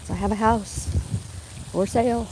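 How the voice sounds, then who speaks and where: A woman's voice: medium pitch, fairly even intonation, normal speed. A woman livestreaming while walking her dogs, chatting in a meandering, casual way into a phone held in her hand. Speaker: vlogger livestreaming a dog walk. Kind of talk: rambling casual live chat. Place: outdoors on a rural walk. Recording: phone audio outdoors with loud background noise. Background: loud birdsong and outdoor noise.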